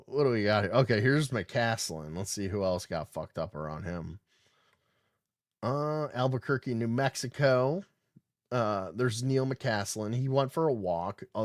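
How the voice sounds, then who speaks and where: With a mid-range voice that rises and falls a lot, a podcast host reads news stories aloud on a loose live stream and keeps breaking off to mock them. His casual commentary is sarcastic and full of swearing, and the sound is close and dry with no room echo.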